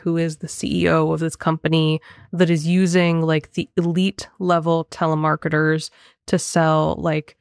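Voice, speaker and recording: Animated woman discussing films. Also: on the low side, clean tone, no room sound, clean studio sound. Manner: animated, laughs often, talks in quick bursts. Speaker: podcast co-host. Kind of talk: casual film discussion.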